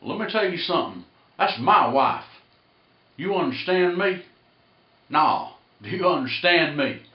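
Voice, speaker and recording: A man voicing a gruff macho man who confronts a stranger, loud and challenging. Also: on the high side, sing-song, a little slow, reverberant, highs cut off, pitched above the performer's own voice. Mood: threatening.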